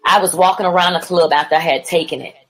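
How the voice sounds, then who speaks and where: A woman's voice: fairly low pitch, fairly even intonation, quick pace, fairly bright tone, rough recording. A woman evangelist sharing her personal testimony as a podcast guest, telling her story vividly and acting out what people said. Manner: addresses the host as "woman of God".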